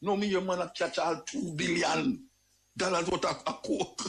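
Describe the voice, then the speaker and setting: An older man with a Jamaican accent talking in a casual, animated monologue, exclaiming and repeating his phrases. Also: high voice, normal speed, gravelly, a little hiss or hum. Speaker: radio talk host.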